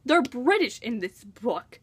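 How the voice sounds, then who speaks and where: A woman's voice: fairly high pitch, sing-song, slow pace, husky. A teenage American girl reviewing a book in a casual vlog. She gushes, saying "like" and "oh my gosh" all the time. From United States. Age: teens. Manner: gushing, enthusiastic, full of "like" and "oh my gosh".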